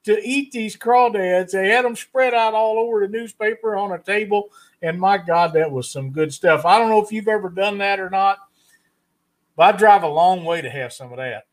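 High-voiced folksy man. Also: moderate pace. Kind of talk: casual podcast chat.

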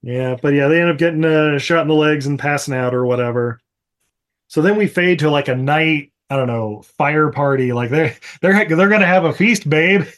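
A man's voice: a little high, moderate pace, fairly bright tone. A man co-hosting a podcast, recapping a movie in a rambling, profane way full of fillers and laughter. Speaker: podcast co-host. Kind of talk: casual movie recap chat.

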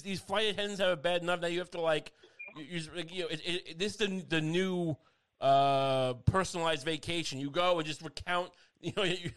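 A man in casual comedic podcast chat, rambling with halting restarts and deadpan mock outrage. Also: on the high side, a little hiss or hum.

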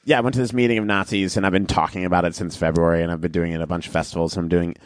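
A man, a comedian guest on a podcast, telling stories in an animated way and acting out his reactions. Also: deep voice, rapid-fire, no echo, clean studio sound. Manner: animated storytelling, acts out his own reactions. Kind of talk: casual comedy podcast chat.

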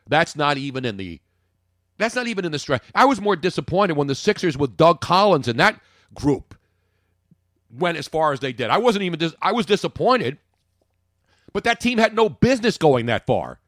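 A man's voice: fairly high pitch, very animated, normal speed, a bit bright, no echo, studio quality. A man hosting a sports talk show, emphatic and jokey, full of rhetorical questions.

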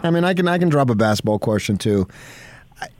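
A man's voice: medium pitch, animated, fast, a little mellow, no room sound. A man hosting a sports radio show, rambling and enthusiastic as he tells stories. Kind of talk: casual radio chat.

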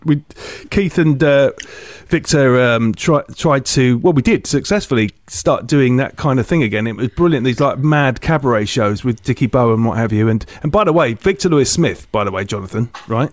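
A man, a comedian guest, telling animated stories in casual podcast chat. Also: normal speed, hardly any pauses, dry recording. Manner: excitable storyteller, jumps between high and low.

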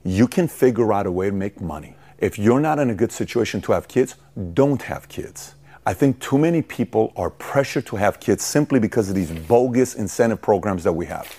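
A middle-aged man hosting a motivational commentary video, telling stories with animated emphasis. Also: fairly low pitch, fairly quick, husky. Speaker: host.

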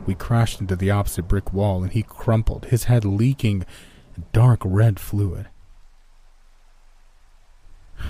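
Low, mellow male horror narrator. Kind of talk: first-person horror story narration.

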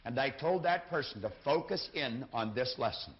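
A man's voice: mid-range voice, animated, normal speed. A man giving a motivational lecture from a lectern, speaking emphatically and repeating his key phrases. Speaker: seminar speaker. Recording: dull lo-fi recording.

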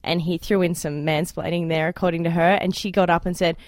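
A woman hosting a political podcast, recounting events briskly with fillers and steering the talk. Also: on the low side, level tone, dry recording, studio quality. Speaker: podcast host. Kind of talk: casual panel chat.

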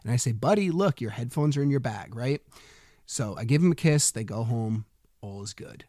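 A father in casual personal storytelling, animated, acting out quoted dialogue and swearing freely. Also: medium pitch, moderate pace, no room sound.

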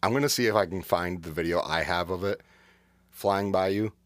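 A man's voice: deep voice, fairly even intonation, brisk, fairly bright tone, no room sound. A man co-hosting a podcast, chatting casually and laughing often as he tells a story. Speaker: podcast co-host. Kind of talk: casual chat.

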